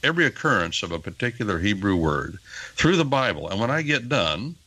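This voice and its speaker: A fairly low-pitched, husky voice belongs to an older man teaching the Bible as a guest on a radio talk show. He talks briskly and emphatically, lecturing with animated, rising stresses, in a low-quality recording.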